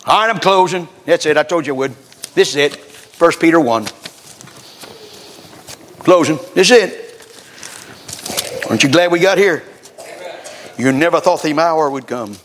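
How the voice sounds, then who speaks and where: A man preaching a revival sermon, swinging between loud exhortation and hushed scripture reading, full of folksy rhetorical questions. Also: fairly high pitch, unhurried, pauses often.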